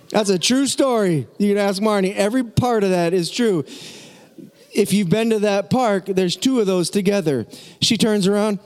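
Animated high-voiced man preaching. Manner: animated, acts out the people in his story, shouts encouragement. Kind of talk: storytelling sermon.

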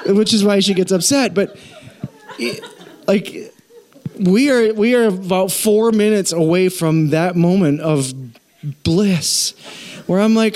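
A middle-aged man, the pastor, preaching a sermon in an animated, self-deprecating storytelling way. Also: sits high, measured pace.

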